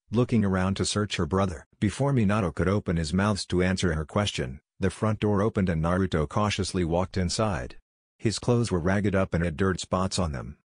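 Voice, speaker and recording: A man reading a fan fiction story aloud as narrator, at an even, steady pace. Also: sits low, husky, no room sound, studio quality.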